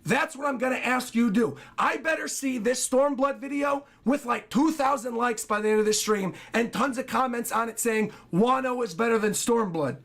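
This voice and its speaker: This man's voice is high and raspy, tired from so much talking, and he moves at a normal pace with few pauses. He chatters eagerly on a casual stream, reading donations and turning aside to speak to his dog, all with a relaxed at-home feel.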